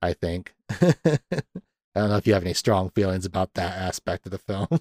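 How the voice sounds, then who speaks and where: A man's voice: low voice, normal speed, no echo, clean studio sound. A man hosting a podcast, casually retelling film scenes with lots of laughter and acted-out quotes. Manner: animated retelling, acts out quotes, laughs often. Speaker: podcast host. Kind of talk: casual movie discussion.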